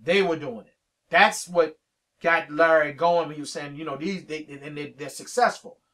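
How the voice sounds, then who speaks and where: A man's voice: on the high side, moderate pace, recorded from a distance. A man, a veteran radio DJ telling stories in an interview, acting out old conversations as he goes. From Richmond, Virginia. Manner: animated storyteller acting out both sides of old conversations. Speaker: veteran hip-hop radio DJ, interview guest. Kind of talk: storytelling in a sit-down interview.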